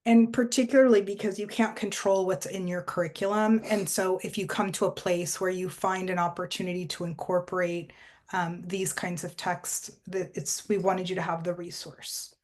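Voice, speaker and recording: A woman presenting a teacher training workshop, explaining steps in a measured way with frequent fillers. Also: fairly low pitch, flat delivery, a little mellow.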